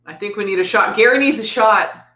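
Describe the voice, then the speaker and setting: Bright teasing middle-aged woman, echoey room. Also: medium pitch, brisk. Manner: teasing, reading off a list. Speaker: co-host. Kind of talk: casual chat. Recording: echoey room, dull lo-fi sound.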